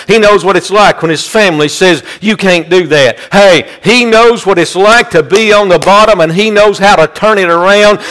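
A man's voice: high-pitched, a bit bright. A male pastor preaching a fervent sermon with rhythmic repetition.

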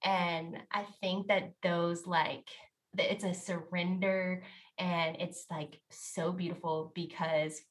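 A woman guest on a podcast, sharing a candid faith story in an earnest, animated way, full of "like" and quick laughs. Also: on the low side. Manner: earnest and animated, heavy use of "like", laughs often.

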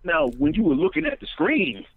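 A man guesting on a comedy podcast who tells excitable stories, trips over restarts, and slips into voices. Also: sits high, brisk, creaky, narrow, tinny audio. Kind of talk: animated storytelling on a comedy podcast.

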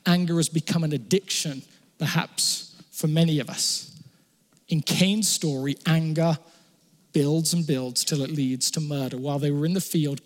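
A man preaching a sermon, telling stories in an animated way and often restarting his words. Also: a little high. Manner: animated storytelling with stammered restarts. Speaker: pastor. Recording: long hall reverb.

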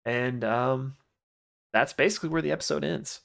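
Guy recapping a game episode, loose and chatty, lots of likes and you knows, mid pitch. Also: moderate pace, gravelly, a bit bright. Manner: loose retelling with many fillers. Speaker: podcast host recapping an episode. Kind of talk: casual recap chat.

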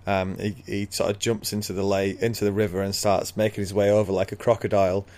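Low-voiced man retelling a story. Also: level tone, fast talker, darkish tone. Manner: easygoing storyteller, laughs often. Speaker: podcast co-host.

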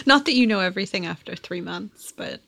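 Woman co-host, lively up and down voice, bright, chatty. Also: medium pitch, a little fast, vocal fry. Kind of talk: casual chat.

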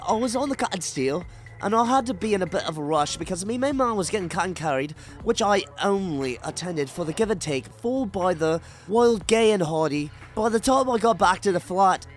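A podcast co-host putting on an overpolite Cockney accent, full of rhyming slang. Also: male voice, animated, a little fast, faint music behind. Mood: chirpy. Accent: mock Cockney. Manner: high, bouncy and overpolite. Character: chirpy overpolite Cockney man.

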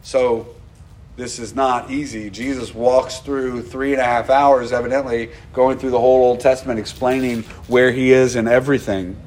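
A man preaching a conversational, animated sermon as a pastor. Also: mid-range voice, moderate pace, slight background noise. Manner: animated, conversational, acts out quoted dialogue.

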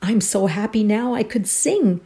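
A woman's voice: medium pitch, animated, a little slow, dark tone, pitched above the performer's own voice. A woman voicing a kind-hearted young niece in a story read aloud, gushing and eager. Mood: happy.

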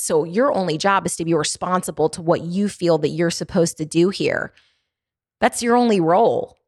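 A woman's voice: fairly low pitch, no echo, clean studio sound. A woman podcast host with a Baltimore accent, giving an earnest, faith-based motivational talk, repeating phrases for emphasis and laughing between thoughts. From Baltimore, USA.

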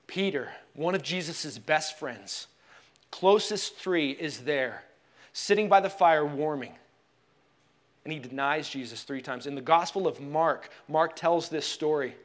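A man preaching a sermon in a church, telling the story expressively and dropping to hushed tones for emphasis. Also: on the high side, a little slow. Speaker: pastor.

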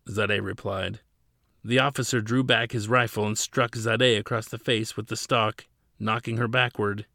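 Gravelly, bright male audiobook narrator. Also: on the low side, fairly even intonation, normal speed, dry recording, studio quality. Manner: dramatic storytelling. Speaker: narrator and author.

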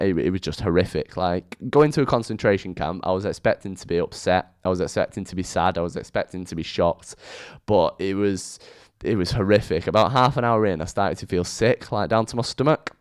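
A young man hosting his own podcast, chatting casually with a rambling, lively intonation into a microphone. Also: low voice, a little fast, clear, resonant tone, dry recording, studio quality. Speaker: podcast host. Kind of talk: casual solo podcast monologue. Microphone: studio microphone.

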